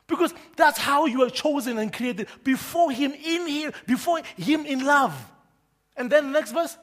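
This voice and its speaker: A male pastor preaches a sermon in an extremely high-pitched voice at a moderate pace. He is emphatic and forceful, constantly quizzing his congregation with repeated questions.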